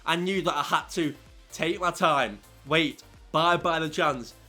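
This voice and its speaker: Breathless excitable man commentating his game. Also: a little high, faint music behind. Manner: shouts excitedly over goals, then talks fast and loose. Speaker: gaming YouTuber.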